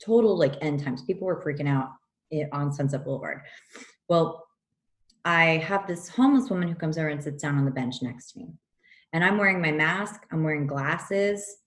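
A woman with a notably low, deep voice tells a story in a casual chat, animated and blunt, cursing without a second thought. Her voice rings in a roomy, echoey space. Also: normal speed. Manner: animated, frank, swears freely. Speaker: podcast co-host telling a personal story. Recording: roomy echo.

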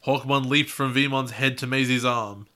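A man reads a story aloud on a podcast, his voice bright and forward in tone. He teases his co-host and laughs mid-sentence, keeping things loose. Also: medium pitch, fairly even intonation, normal speed. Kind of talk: reading a story aloud with banter.

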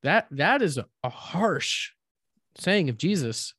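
A man's voice: on the high side, very animated, slow pace, a bit bright, breathy edge, dry recording. Reflective man on a dry close mic. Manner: reflective, builds arguments with pointed questions. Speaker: podcast co-host. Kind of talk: casual faith podcast chat.

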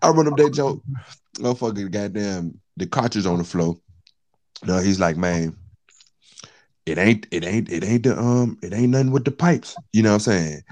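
A man's voice: fairly low pitch, normal speed, darkish tone. A man telling a long, profane story in casual chat, acting out the quotes of the people in it.

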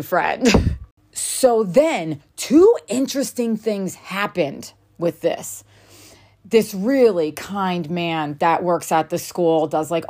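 A woman hosting her own podcast talks through a personal story in a loose, chatty way, filling her sentences with "like". Her voice sits a little low, and she takes her time. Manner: chatty, frequent "like" fillers, laughs between lines. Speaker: podcast host. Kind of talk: casual storytelling monologue.

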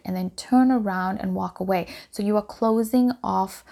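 A middle-aged woman hosting a solo parenting podcast, giving calm, earnest advice with frequent ums and restarts. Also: medium pitch, normal speed, vocal fry. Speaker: podcast host.

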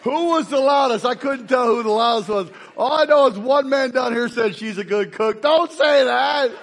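A man preaching a lively sermon to a congregation, joking and rousing the crowd. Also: very high voice, moderate pace. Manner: joking, energetic, shouts to rouse the crowd. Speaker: pastor.

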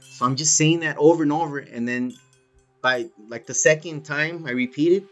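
Animated, swearing man telling a story. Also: on the high side, moderate pace, lo-fi sound, faint music behind. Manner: swears a lot, animated, says "dude" often. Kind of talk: casual storytelling.

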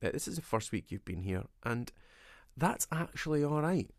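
A man's voice: medium pitch, big pitch swings, normal speed, creaky, dry recording, clean studio sound. A man co-hosting a podcast, jokey and goading, laughing often. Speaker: podcast co-host. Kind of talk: casual chat.

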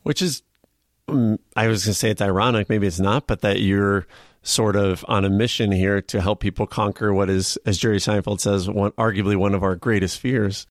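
Low-voiced man hosting, dry close sound. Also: steady tone, normal speed, no echo. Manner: rambling, restarts, often rises in pitch when eager. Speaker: podcast host. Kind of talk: podcast interview chat.

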